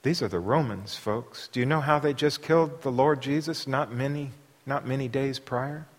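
A man's voice: mid-range voice, moderate pace. Preacher man in a reverberant hall. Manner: rhetorical questions, swings from quiet asides to loud reading. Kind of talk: sermon.

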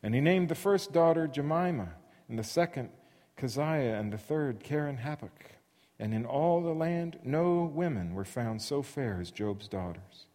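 A man's voice: medium pitch, animated, normal speed, dark tone. Earnest preacher man in a reverberant hall. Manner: earnest, emphatic, with restarts. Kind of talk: sermon.

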